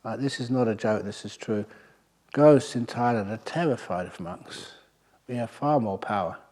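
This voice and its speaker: A man's voice: on the low side, normal speed, a little mellow. A man, a Buddhist monk, giving a humorous storytelling talk at a meditation retreat, wry and anecdotal with the odd filler.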